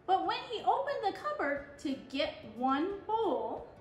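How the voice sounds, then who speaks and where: A woman reading a picture book aloud with a high, lively voice that rises and falls a lot. The reading sounds like an echoey room, with faint music under it. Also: a little slow. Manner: expressive, animated read-aloud. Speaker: storyteller.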